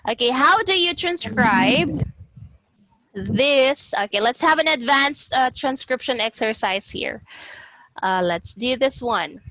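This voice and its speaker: A woman's voice: high-pitched, expressive, takes it slowly, pushed and bright, dry recording, rough recording. A woman with a Filipino accent teaching an online class over a video call. She mixes English and Cebuano and drills words by repeating them.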